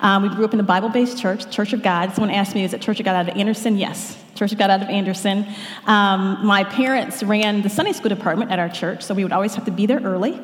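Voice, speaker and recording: A woman giving an earnest sermon, acting out little inner voices with sudden pitch jumps. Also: fast talker. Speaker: preacher. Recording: echoey hall reverb.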